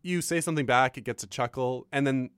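A man co-hosting a radio show, telling comedy stories in a casual, animated way and acting out quotes. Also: mid-range voice, fast talker, clean tone, dry recording. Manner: animated storytelling, acts out quotes.

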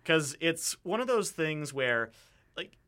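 A man's voice: fairly high pitch, very animated, takes it slowly, bright, forceful tone. A young man co-hosting a radio talk show, thinking aloud in a rambling way with many fillers and restarts. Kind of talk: casual discussion.

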